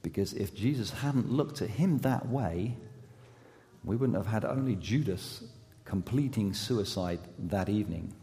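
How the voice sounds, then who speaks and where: A man with a croaky, hoarse voice, preaching a sermon as pastor. He is emphatic, then drops to soft, intimate tones. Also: fairly low pitch, lively intonation, a little slow, big-room sound.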